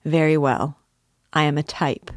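A lonely, wistful young man who speaks earnestly and a little hesitantly, as a woman reads his lines. Her voice is low and even, with a dry, close sound. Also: a little slow, dry recording. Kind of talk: audiobook character reading.

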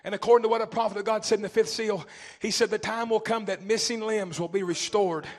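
A man from East Tennessee, preaching a fervent sermon that swings between shouting and a low, intense voice. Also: steady tone, quick pace.

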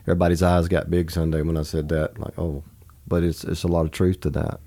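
A man's voice: low voice, level tone, fairly quick, mellow. A man in his forties, a pastor talking earnestly about his family in casual conversation, laughing easily.

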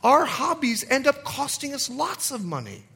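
A middle-aged man preaches a sermon with a bright, high voice. He talks in an animated way, swooping widely in pitch as he acts out quotes and laughs often. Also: normal speed, creaky. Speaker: pastor.

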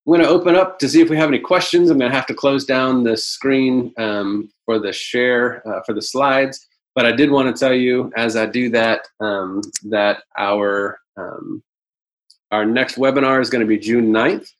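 A man presenting a business webinar over a video call, talking in a halting way with many "um"s and "uh"s. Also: medium pitch, fairly even intonation, low-quality recording.

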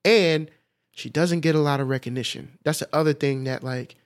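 A man co-hosting a podcast in casual chat, animated, often laughing, with many fillers. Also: on the high side, moderate pace. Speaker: podcast co-host.

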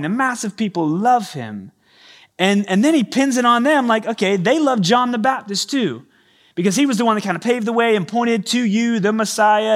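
Male pastor, stage mic sermon, animated storyteller, slightly raised pitch. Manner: animated, acts out quoted voices. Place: church stage. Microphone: handheld or stage microphone.

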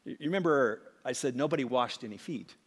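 Guy preaching in a church, pitch jumping all over, big echo tail. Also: fast talker. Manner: animated preaching, drops to hushed asides, acts out quotes. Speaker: pastor. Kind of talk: sermon. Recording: long hall reverb.

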